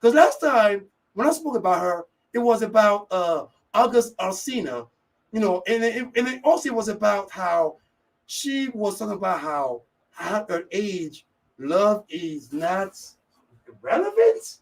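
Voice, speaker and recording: A man hosting a live radio talk show, energetic and upbeat, giving shout-outs and often repeating the same catchphrase. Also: sits high, a little slow, far from the mic, poor audio. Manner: energetic, keeps repeating "yes, indeed".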